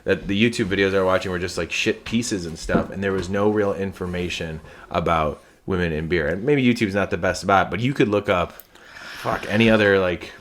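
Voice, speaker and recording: A man with a notably low, deep voice hosts a casual podcast chat over beers. He rambles, restarts his sentences and swears freely. A faint hiss sits under the recording. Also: fairly quick, fairly bright tone. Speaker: podcast host.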